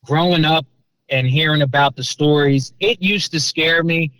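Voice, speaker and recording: A man's voice: on the high side, normal speed, a bit bright, no room sound, rough recording. A young man answering interview questions earnestly about growing up. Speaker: interview guest, son.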